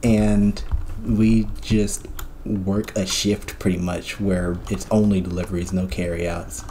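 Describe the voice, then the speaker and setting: A man's voice: deep voice, little pitch movement, slow, dark tone, slight background noise. A man streamer in casual chat, recounting a dream in a profane, rambling way with lots of fillers.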